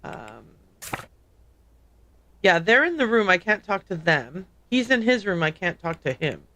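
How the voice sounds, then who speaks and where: A woman's voice: mid-range voice, big pitch swings, a little slow, bright, forceful tone. A woman hosting a livestream, chatting casually and rambling as she plays a game, often stopping to correct herself. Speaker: livestream host playing a game. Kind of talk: casual gameplay commentary.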